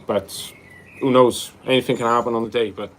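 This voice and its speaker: A Welsh man in his twenties hosts a livestream, answering viewer questions in loose, rambling casual chat. He calls people bro and fills gaps with um and like. His mid-range voice moves at a brisk pace with fairly even intonation.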